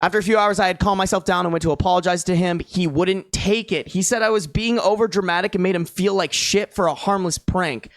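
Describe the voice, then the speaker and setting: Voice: mid-range voice, brisk, hardly any pauses, no room sound, clean studio sound. A streamer reading online posts aloud in a casual, slangy way, breaking off for exasperated, disbelieving reactions. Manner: exasperated, incredulous reactions between read passages; slangy and casual, calls listeners bro and dude.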